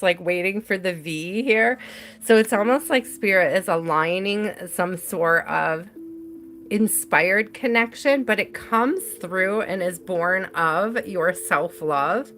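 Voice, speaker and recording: A woman's voice: medium pitch, a little slow, a bit bright, a little hiss or hum. A woman doing a live tarot reading for viewers, chatty and giggly, speaking straight to each viewer by name. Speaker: tarot reader.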